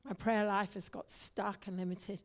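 A woman's voice: mid-range voice, level tone, moderate pace. A woman leading a congregation in prayer, fervent and exhorting, at times speaking in tongues. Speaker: prayer leader.

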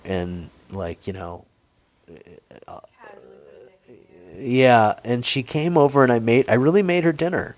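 A man's voice: medium pitch, animated, unhurried, no echo. A man in his forties telling a long, rambling, profane story in a casual chat, with frequent restarts. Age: 40s.

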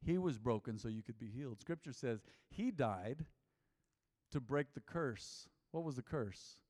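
A man's voice: mid-range voice, expressive, measured pace, darkish tone, big-room sound. A man preaching a sermon as a pastor, emphatic and full of rhetorical questions.

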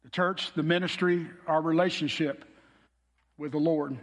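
Delivering a sermon with earnest feeling, this middle-aged pastor speaks in a high-pitched voice at a moderate pace and a steady tone. Long hall reverb trails behind his words.

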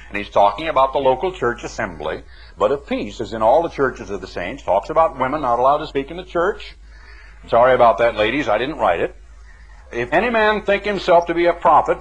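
Male preacher, emphatic and folksy, slightly raspy, on a muffled old broadcast tape. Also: mid-range voice. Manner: animated, emphatic, folksy asides. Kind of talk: sermon. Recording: dull lo-fi 1980s broadcast recording.

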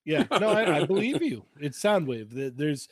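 A man's voice: on the high side, sing-song, moderate pace, dry recording, clean studio sound. A man co-hosting a casual chat, joking along with the story. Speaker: show co-host.

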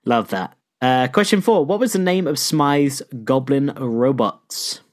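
A man's voice: medium pitch, lively intonation, measured pace. A man co-hosting a podcast, quizzing his co-host in casual chat and laughing often as he teases him. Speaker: podcast co-host running a quiz.

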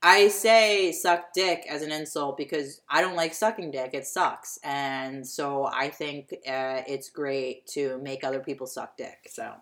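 A young woman with a low-pitched voice chats on a casual comedy podcast. She jokes crudely and bursts out loudly now and then. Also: measured pace, few pauses. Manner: crude, joking, loud outbursts. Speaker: podcast co-host.

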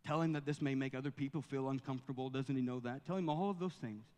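A man's voice: medium pitch, fast talker, darkish tone, in a large hall. A man preaching a sermon in a church, building to fervent scripture reading. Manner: preaching with rising fervor, reading scripture aloud. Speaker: pastor. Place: church sanctuary.

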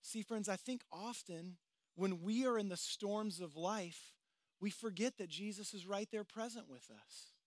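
A man's voice: high voice, measured pace, no room sound, clean studio sound. A man preaching a sermon in a casual, conversational way, acting out the voices of the people in the story. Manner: conversational, dramatizing voices of the disciples. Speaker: pastor. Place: outdoors by the water.

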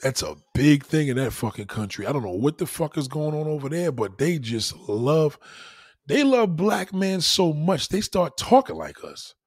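A man hosting a casual late-night livestream, reacting loudly to chat with profane, laughing banter. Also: on the high side, sing-song, normal speed, slightly rough, no room sound, clean studio sound. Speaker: livestream host.

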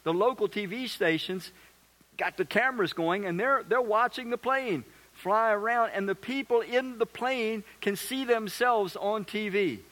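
A man preaching a sermon as pastor, animated, acting out little voices and asking the crowd questions. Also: high voice, a little slow.

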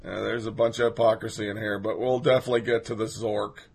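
A man's voice: lowish voice, flat delivery, fast talker, vocal fry, slightly rough. A man hosting a podcast, ranting through political commentary in a sarcastic, profane and mocking way. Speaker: podcast host.

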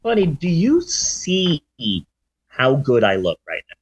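A man in his forties hosting a podcast, chatting casually and telling stories in an animated way. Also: a little high, slow, breathy edge. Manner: animated storyteller, does sound effects. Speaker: podcast host. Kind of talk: casual chat.

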